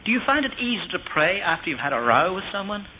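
A man's voice: high voice, big pitch swings, quick pace. A middle-aged male preacher delivers an earnest sermon, weaving in family stories and asking his listeners questions. The sound is thin and phone-like, as from an old tape, with a faint hiss underneath.

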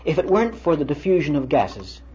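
A man's voice: a little high, sing-song, a little fast, a little mellow. An older man giving a lecture-style sermon, telling stories and quoting conversations in a conversational way. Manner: storytelling, conversational, quotes others in dialogue. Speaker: preacher lecturing. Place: lecture hall with students. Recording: dull lo-fi vintage recording with faint hiss.

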